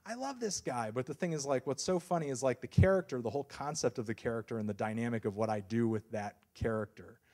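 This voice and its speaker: A young man gives a casual university talk about his work as a music reviewer. He rambles and jokes at his own expense, with plenty of fillers and restarts. His voice sits at an ordinary, mid-range pitch for a man. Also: quick pace, hardly any pauses, warm tone. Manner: rambling and self-deprecating, with many fillers and restarts. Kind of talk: casual lecture.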